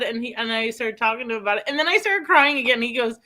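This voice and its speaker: Chatty woman rambling through a story. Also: fairly high pitch. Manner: rambling storyteller, animated, quick laughs. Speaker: host. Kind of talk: casual chat.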